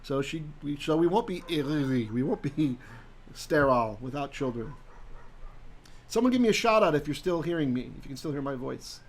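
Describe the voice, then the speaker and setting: A man teaching a live-streamed Hebrew Bible lesson in a conversational way, often asking "right?" and reading Hebrew verses slowly aloud. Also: on the high side, lively intonation.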